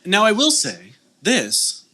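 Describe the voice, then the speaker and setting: A man co-hosts a live podcast show, rambling through jokes and advice with frequent restarts. His voice is bright and forceful, pitched slightly high, and his delivery stays loose and conversational. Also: wildly swooping pitch, slow pace. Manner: rambling, joking, many restarts. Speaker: podcast co-host. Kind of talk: casual comedic chat. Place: live show venue on stage.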